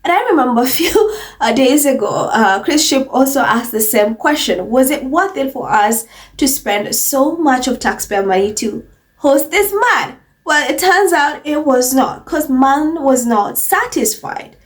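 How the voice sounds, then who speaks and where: Mocking woman gossip commentator, slightly high. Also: lively intonation, a little slow, recorded from a distance. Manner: mocking, repeats phrases for emphasis, often laughs. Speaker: commentary channel host.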